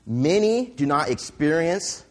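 A male pastor preaching a sermon, retelling scripture in a lively storytelling way and acting out the voices of the people he quotes. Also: a little high, unhurried. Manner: fillers and restarts.

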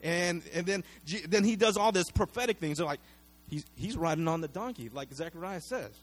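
A man preaching a sermon, telling the story in a casual, animated way, acting out what people said and often repeating words and adding fillers. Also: high-pitched, brisk. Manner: conversational, animated storytelling with acted-out quotes. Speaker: pastor.

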